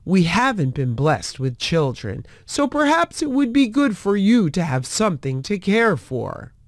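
A woman voicing a poor, kind-hearted farmer who turns greedy, speaking in a lowered, gruff voice. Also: big pitch swings, unhurried, dry recording. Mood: earnest.

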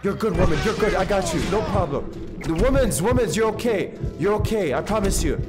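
A man live-streaming a video game, reacting loudly and chatting with his viewers in slangy, excitable bursts. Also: sits high, brisk, music in the background. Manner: excitable, loud outbursts, slangy, talks to chat. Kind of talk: casual live-stream commentary.

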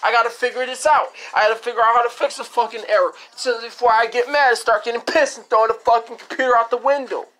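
A woman's voice: a little high, fairly even intonation, fast, hardly any pauses, fairly bright tone. A woman hosting a home-made radio show, ranting angrily with lots of swearing and repetition. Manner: profane, repetitive, escalating frustration. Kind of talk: angry rant.

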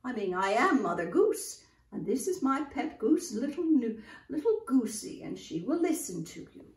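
An older woman presenting nursery rhymes to young children, talking to them in an animated, sing-song way. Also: a little high, moderate pace, roomy sound, distant mic. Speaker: children's storyteller in costume.

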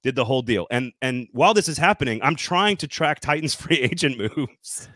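A man's voice: mid-range voice, normal speed, no echo, studio quality. A middle-aged man from Tennessee with a light Southern US accent, hosting a sports podcast in casual, jokey chat and swearing now and then. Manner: animated, swearing, jokey storytelling.

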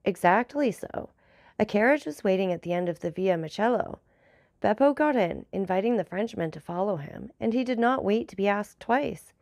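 A woman narrating a classic novel as an audiobook in a measured, formal reading. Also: medium pitch, lively intonation, a little mellow, no echo, clean studio sound.

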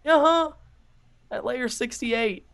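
A man's voice: very high voice, takes it slowly, creaky, a bit bright, clear, resonant tone. Joking young guy gaming with a friend. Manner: joking, suspicious banter. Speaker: co-player. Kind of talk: casual gameplay chat.

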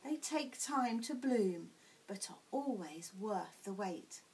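A woman voicing a gentle, loving mother elephant for a storybook, speaking in a soft, soothing, reassuring way. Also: medium pitch, animated, slow. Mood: tender.

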